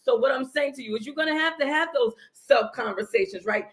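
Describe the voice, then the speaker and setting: A woman's voice: high-pitched, fairly quick. A middle-aged woman giving marriage advice on a podcast in an earnest, coaching way, often checking in with "right?". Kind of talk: casual preaching talk.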